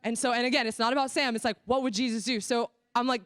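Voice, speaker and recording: A woman's voice: a little high, fairly even intonation, quick pace, a bit bright, no room sound, clean studio sound. A young American woman from Florida giving a casual sermon-style church workshop talk, telling stories animatedly and acting out dialogue. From Florida, USA.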